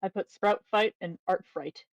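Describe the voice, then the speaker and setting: A woman playing as a contestant in a stream trivia game, tossing in quick jokes. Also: medium pitch, gravelly, dry recording, poor audio. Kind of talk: casual chat during a stream game.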